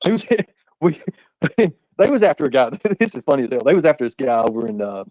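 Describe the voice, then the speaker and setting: Speaking in a sing-song, mid-range voice that's a little fast and a little mellow, a man shares rambling, laughing, profane stories as a guest. The casual storytelling comes through muffled lo-fi audio, with no echo.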